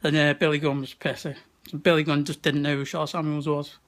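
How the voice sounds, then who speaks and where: A chatty young vlogger from the West Midlands laughs and swears often while talking casually into an arm's-length handheld camera at a wrestling venue. He speaks fairly quickly in a highish, somewhat bright voice with little pitch movement.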